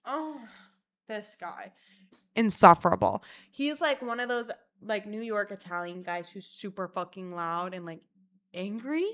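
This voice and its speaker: A young woman telling a story in a vlog, animated, dramatic and full of swearing. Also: mid-range voice, a little slow.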